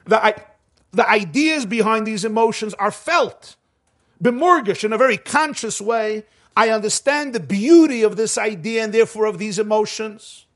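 In a Torah class, a man with a high, fairly bright voice reads the source text quickly and translates it. He then explains it in slow, emphatic phrases, chuckling now and then.

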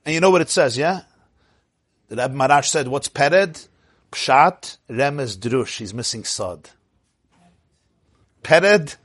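A man's voice: medium pitch, lively intonation, slow, long pauses, a bit bright, husky, no room sound, clean studio sound. A man teaching an informal religious class, chatty and digressive, often laughing and quizzing his listeners. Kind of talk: informal Torah class lecture.

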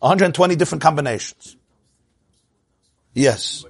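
High-voiced man teaching a lively Torah class. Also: normal speed, dry recording. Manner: animated, asks rhetorical questions and answers them; lively rise and fall, laughs often.

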